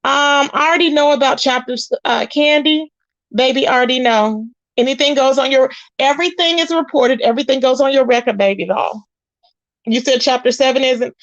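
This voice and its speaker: A woman's voice: high voice, normal speed, a bit bright, no room sound. A woman doing casual live-stream commentary, reading chat aloud in a sassy way, calling viewers child and honey. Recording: dull lo-fi, dry.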